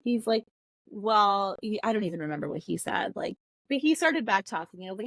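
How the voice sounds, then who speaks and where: A woman's voice: medium pitch, expressive, fairly quick, a bit bright, dry recording. A woman in her thirties, a guest on a podcast, talking casually and bluntly and acting out her kids' lines. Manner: candid, blunt, quotes her kids in dialogue.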